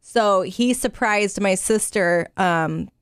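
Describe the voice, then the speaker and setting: A woman's voice: mid-range voice, takes it slowly, smooth, dry recording. Chatty woman, close dry sound. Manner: chatty, laughs easily. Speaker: podcast co-host. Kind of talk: casual chat.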